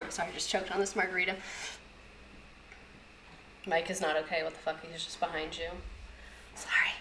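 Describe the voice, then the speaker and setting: A woman's voice: lowish voice, flat delivery, a little slow, long pauses, bright, forceful tone, a little hiss or hum. A young woman teacher giving a casual history lesson, chatty and sarcastic, swearing and drifting into tangents.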